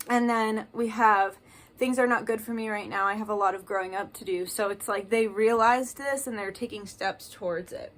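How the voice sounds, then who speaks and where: A woman's voice: medium pitch, steady tone, moderate pace, a bit bright. A woman giving a casual tarot card reading, chatty and reading card messages aloud with emphasis.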